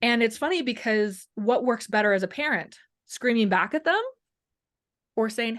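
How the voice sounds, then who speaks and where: Appearing as an interview guest, this chronic pain and wellness coach chats casually at a normal speed in a voice that's a little high. She's lively, performs the voices of people she quotes, and fills her talk with "like" and "you know".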